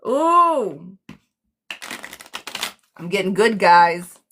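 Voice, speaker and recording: A woman with a fairly low voice giving a casual live tarot reading to her viewers. She is blunt and excitable, calling people pet names and swearing freely as she lays out the cards. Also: fairly quick.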